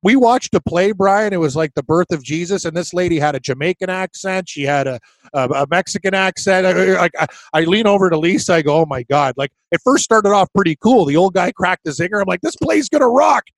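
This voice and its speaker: A man co-hosting a podcast, chatting in a rambling, animated way. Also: high voice, fairly quick, no room sound. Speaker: co-host. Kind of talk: casual chat.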